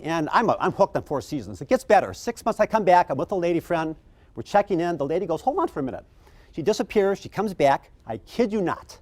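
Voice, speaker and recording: A middle-aged man giving a conference keynote, telling stories and acting out the people in them. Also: fairly quick. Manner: animated, acts out quoted people with big pitch jumps. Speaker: keynote speaker.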